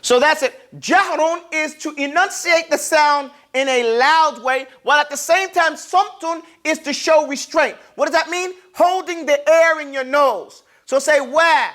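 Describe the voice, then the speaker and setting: A man's voice: very high-pitched, a little slow, few pauses. A man teaching Arabic letter pronunciation, asking the class to repeat sounds after him and acting out each sound. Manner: demonstrates sounds, sometimes loudly.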